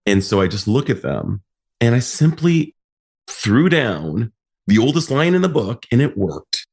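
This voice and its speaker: A man's voice: medium pitch, very animated, measured pace, a little mellow, husky. A man hosting a podcast, chatting casually with a guest and telling his own anecdotes with enthusiasm. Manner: enthusiastic, tells anecdotes with acted quotes. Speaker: podcast host, psychologist.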